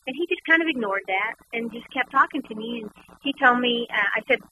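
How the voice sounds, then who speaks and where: A woman guest and author telling a personal story in conversation, animated and repeating words as she goes. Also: a little high, a little fast. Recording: noisy background.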